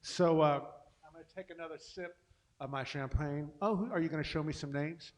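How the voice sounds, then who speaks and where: A man's voice: on the high side, fairly quick. A middle-aged man hosting a casual livestream, chatting between songs in a rambling, self-deprecating way. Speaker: host and singer-pianist.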